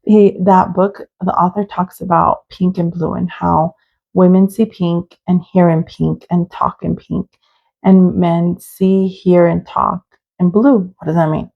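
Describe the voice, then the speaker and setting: A woman's voice: fairly low pitch, flat delivery, a little slow, vocal fry, narrow, tinny audio. A young adult woman hosting her own podcast, talking earnestly and openly in a personal monologue with many "like" fillers. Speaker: podcast host.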